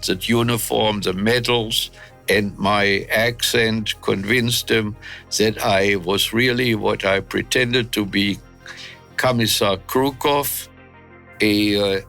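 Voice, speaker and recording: A man in his nineties from Germany, recounting wartime memories in an interview, unhurried and reflective with frequent hesitations. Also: on the low side, sharp tone. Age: 90s. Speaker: interviewee, war veteran.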